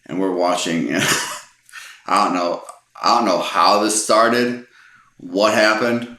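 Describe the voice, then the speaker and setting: A man in his forties casually telling a funny personal story, relaxed and amused, often restarting his sentences. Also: low voice, measured pace. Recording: roomy echo.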